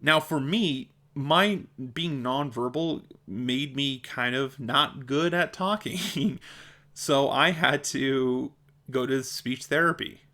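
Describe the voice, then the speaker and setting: A man's voice: medium pitch, takes it slowly, sharp tone. A young adult man with a mild speech impediment, vlogging in a blunt, exasperated way and laughing between points. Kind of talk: casual opinion vlog.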